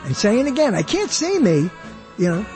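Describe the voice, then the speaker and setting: A man's voice: sits high, moderate pace, music in the background. A man hosting a podcast, talking casually about songs and humming bits of melody as he explains them. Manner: animated, explains while humming along. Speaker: podcast host.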